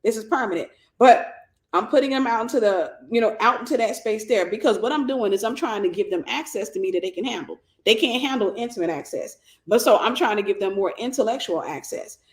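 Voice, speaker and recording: A woman's voice: a little high, lively intonation, a little fast. A woman hosting a faith-based livestream, teaching conversationally, quoting scripture and thinking aloud as she explains. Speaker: ministry host and mentor. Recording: roomy echo.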